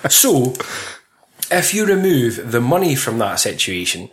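A young man on a podcast, chatting about films in a crude, swearing, laughing way. His pitch moves around a lot, rising and falling as he talks. The talk is loose and off the cuff. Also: sing-song, a little slow. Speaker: podcast co-host. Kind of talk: casual film review chat.

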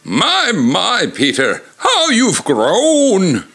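A man doing a frail old grandfather from a storybook, his voice high, quavering and croaky. He drags every word out slowly, lively and sing-song in pitch. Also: heavily acted. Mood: doddering.

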